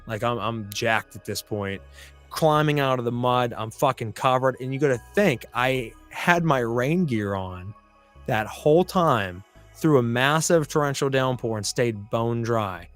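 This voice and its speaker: A man at a middle pitch tells a story from his past as a podcast host. His telling is blunt and full of swearing. Music plays faintly behind him. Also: no room sound. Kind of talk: storytelling monologue.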